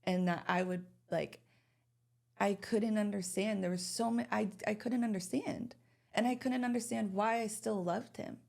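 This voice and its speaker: A woman's voice: medium pitch, steady tone, normal speed, creaky, darkish tone. A young woman guest on a podcast, speaking candidly about her past, full of fillers and restarts. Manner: candid, many fillers and restarts, emotional personal story. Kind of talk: casual podcast conversation.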